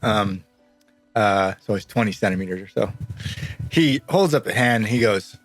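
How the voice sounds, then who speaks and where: A man's voice: lowish voice, moderate pace, long pauses, dry recording, faint music behind. A man narrating as game master in a tabletop game, loose and rambling and often laughing.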